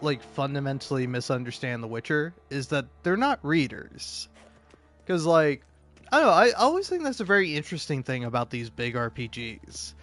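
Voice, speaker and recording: A man's voice: mid-range voice, big pitch swings, moderate pace, a bit bright. A man giving casual, rambling let's-play commentary, hesitant and laughing often. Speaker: gaming commentator. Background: game music.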